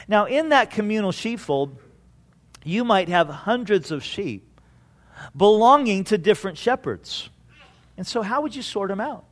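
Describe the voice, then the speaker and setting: A man preaching a sermon in a storytelling way, slowing down and going quiet on key points. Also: high voice, sing-song. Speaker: pastor.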